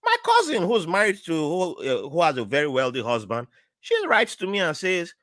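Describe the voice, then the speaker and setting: A man's voice: normal speed, no room sound, clean studio sound. A middle-aged man with a Nigerian accent, a podcast guest telling stories in casual conversation and acting out the people he quotes. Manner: animated, acts out quoted voices with big pitch jumps.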